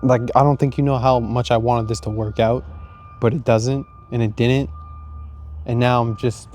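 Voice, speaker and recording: A man's voice: mid-range voice, moderate pace, slight background noise. Profane young man telling a story. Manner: profane, animated, acts out his own inner dialogue; laughs and jokes while sad. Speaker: vlogger. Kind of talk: casual storytelling.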